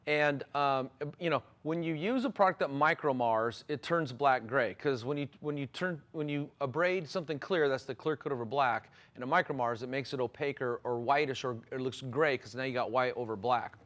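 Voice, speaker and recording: A man's voice: mid-range voice, brisk, few pauses, a bit bright. Upbeat man telling shop stories. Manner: storytelling, enthusiastic, folksy. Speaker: car detailing product host. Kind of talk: casual live-stream chat.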